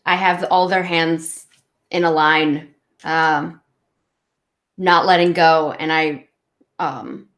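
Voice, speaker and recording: Slow, hesitant woman playing a tabletop game. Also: low voice, steady tone, fairly bright tone. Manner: thoughtful, hesitant with many ums. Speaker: player. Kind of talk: tabletop role-play, declaring actions.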